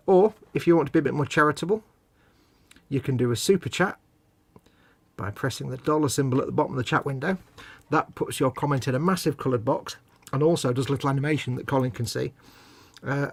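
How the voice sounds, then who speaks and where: A man's voice: mid-range voice, creaky, dry recording. A man co-hosting a live model-building stream, joking and teasing, explaining things at length. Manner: jokey, teasing, rambling explanations. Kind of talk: casual chat.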